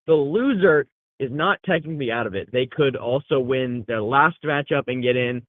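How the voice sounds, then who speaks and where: A man's voice: medium pitch, normal speed, no echo, narrow, tinny audio. A man hosting a podcast, chatting casually about fantasy football in a joking, rambling way. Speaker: podcast host. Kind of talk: casual fantasy football talk with comic recap.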